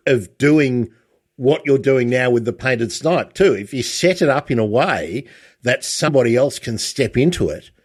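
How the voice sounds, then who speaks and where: A man's voice: medium pitch, animated, normal speed, breathy edge. An older man hosting a podcast, asking questions in a friendly, conversational way. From Australia. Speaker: podcast host. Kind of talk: casual interview talk.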